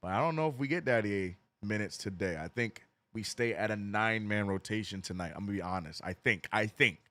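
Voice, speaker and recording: A man streaming a live watch-along, doing casual play-by-play and answering chat, jumping up in pitch on big plays and slang-heavy in between. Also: brisk. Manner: excitable, rises sharply on big plays, drops low reading chat; casual slangy talk, says bro and man.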